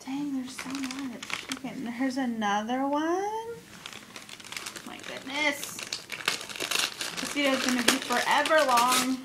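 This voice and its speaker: Crafting vlogger, woman, high voice, unhurried, excitable gusher; noisy home recording. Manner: gushing and excitable, gasps and repeated exclamations. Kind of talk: casual unboxing haul video. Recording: steady background noise.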